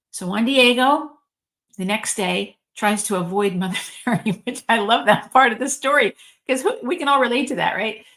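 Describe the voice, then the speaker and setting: A woman's voice: on the high side, expressive, a little fast, fairly bright tone. A woman, a reverend, telling a religious story in an informal spiritual talk, chatty, with frequent ums and likes.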